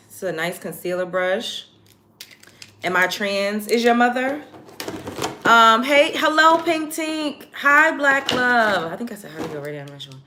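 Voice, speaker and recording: Bright-voiced chatty woman on a live stream. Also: medium pitch, a little hiss or hum. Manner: chatty, animated, speaks to viewers directly. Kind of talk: casual get-ready-with-me live chat.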